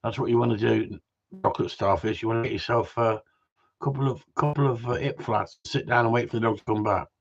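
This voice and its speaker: A man's voice: medium pitch, steady tone, fairly quick, gravelly. A man hosting a casual live stream about gundogs, bantering, swearing and reading out viewer messages. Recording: dull lo-fi sound.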